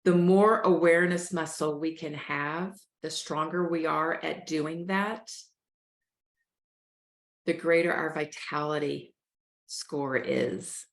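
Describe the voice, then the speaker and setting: A woman hosting a show, calmly coaching listeners through a breathing exercise. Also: low-pitched, takes it slowly, reverberant. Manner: calm, coaching, addresses listeners as "y'all". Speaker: host, life coach. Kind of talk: guided breathing instruction.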